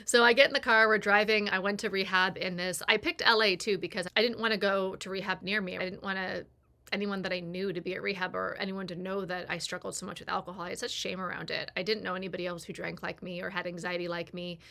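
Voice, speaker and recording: A woman's voice: on the low side, flat delivery, fast, vocal fry, sharp tone. A woman in her forties telling a candid personal story to the camera, acting out the voices of people in it. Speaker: personal growth creator. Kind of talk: confessional storytelling.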